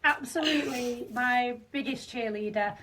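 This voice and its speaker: A woman's voice: fairly high pitch, moderate pace, fairly bright tone, a little hiss or hum. Northern English woman, 30s, podcast guest; talkative, full of fillers, slightly distant from the mic. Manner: chatty, many fillers and restarts. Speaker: franchisee guest. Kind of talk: podcast interview.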